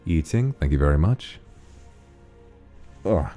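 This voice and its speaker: A male streamer chatting loosely with his audience and thanking supporters as he goes. His voice sits very low, with quiet background music playing under it. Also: brisk. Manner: relaxed, rambling, thanks donors. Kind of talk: casual stream chat reading donations.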